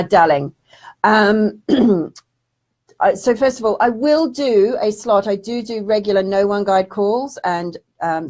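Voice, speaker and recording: This spiritual development teacher reads viewer comments on her casual live stream, chatty and affectionate, calling everyone darling. Her mid-range voice carries a darkish tone.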